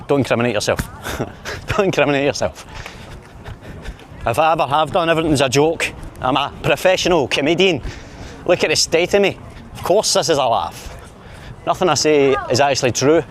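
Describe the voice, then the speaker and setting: A man's voice: a little high, brisk, slight background noise. A man with a Glaswegian Scottish accent, rambling playfully and mocking himself as he films a walking vlog outdoors on a busy city street. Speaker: vlogger. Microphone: camera mic while walking.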